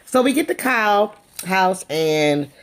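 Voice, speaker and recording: A woman's voice: mid-range voice, animated, measured pace. A woman giving a sassy, dramatic casual recap of a reality TV episode. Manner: sassy, dramatic, calls the viewer honey. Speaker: YouTube reviewer.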